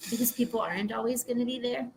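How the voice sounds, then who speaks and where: A woman's voice: fairly high pitch, steady tone, quick pace, vocal fry, a little mellow, a little hiss or hum. A young woman co-hosting a casual podcast, talking animatedly, laughing often and swearing freely. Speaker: podcast co-host. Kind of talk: casual chat.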